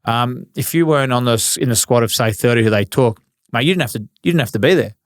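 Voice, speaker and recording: A man's voice: mid-range voice, quick pace, dry recording, studio quality. Laid-back swearing Australian man. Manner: laid-back, swears freely, laughs through stories. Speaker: guest, retired footballer. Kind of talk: casual storytelling interview.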